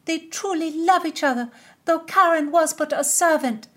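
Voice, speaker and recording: A woman voicing an earnest, romantic young girl who insists in a high voice. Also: normal speed. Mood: insistent. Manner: insistent, wailing.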